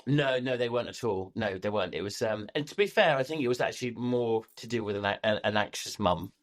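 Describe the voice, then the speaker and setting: A man's voice: lowish voice, fairly quick. A man co-hosting a podcast, speaking casually in a hesitant, mild manner with many restarts. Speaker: podcast co-host. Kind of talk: casual chat.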